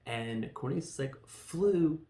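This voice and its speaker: Excitable man rambling in an echoey room. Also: mid-range voice, gravelly. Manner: excitable, rambling, acts out scenes in quick voices. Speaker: podcast host reviewing a film. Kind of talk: casual film review chat.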